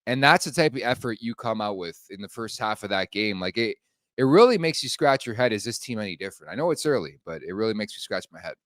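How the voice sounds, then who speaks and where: A man's voice: on the low side, lively intonation, fast, dry recording, studio quality. Blunt, casual male podcast host. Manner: blunt, casual, swears freely.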